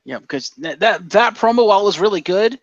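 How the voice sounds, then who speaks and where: A man's voice: high-pitched, expressive, fast talker, dry recording, dull audio. A man co-hosting a casual podcast, talking and joking about wrestling. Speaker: podcast co-host.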